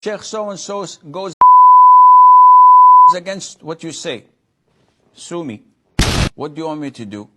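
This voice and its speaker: A man's voice: on the high side, very animated, takes it slowly, long pauses, very noisy. A man preacher answering questions with blunt, dry humor. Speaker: Islamic preacher.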